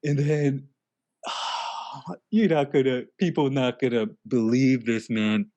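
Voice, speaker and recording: A man's voice: medium pitch, steady tone, a little mellow. A man telling a comedic story in a spaced-out, rambling way, drawing out "man" and restarting his sentences. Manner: dreamy and rambling, drawn-out "man" and trailing restarts.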